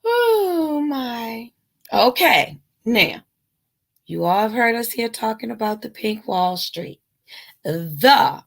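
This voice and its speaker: A woman's voice: on the high side, slow pace, vocal fry, slightly rough. A woman co-hosting a live online show, chatting casually and playfully as she promotes an event. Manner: playful and lively, breaks into silly rhyming ditties.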